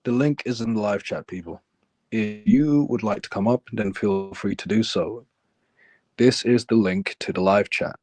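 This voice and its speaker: Low-voiced English man hosting a live stream. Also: moderate pace, dry recording. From London, England. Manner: calm, low-key, reads chat aloud. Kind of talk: casual live-stream chat reading comments.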